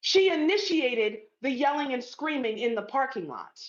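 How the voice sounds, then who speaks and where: A woman's voice: sits high, very animated, normal speed. A woman telling a story to camera in a blunt, profane, emphatic way. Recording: dull lo-fi sound.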